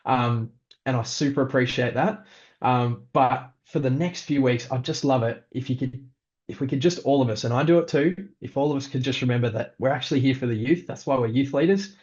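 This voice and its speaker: A male pastor, giving a practical leadership talk in a relaxed, conversational way with frequent ums. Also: medium pitch, a little fast, dull audio.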